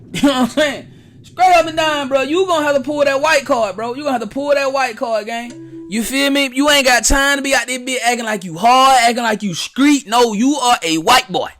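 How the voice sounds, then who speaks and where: Male reaction host, very high-pitched, animated, slang-heavy, speaks straight to viewers. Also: brisk. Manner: animated, repetitive, addresses viewers directly. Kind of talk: casual slang-heavy commentary.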